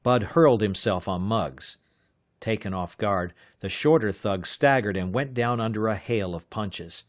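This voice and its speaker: Low-voiced male audiobook narrator. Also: lively intonation, measured pace, no room sound, studio quality. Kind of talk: scripted narration.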